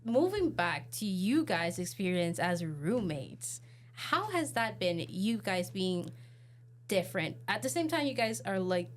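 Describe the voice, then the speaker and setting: A woman's voice: mid-range voice, big pitch swings, a little hiss or hum. Easygoing female podcast host. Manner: slow, searching questions with laughs. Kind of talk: casual interview.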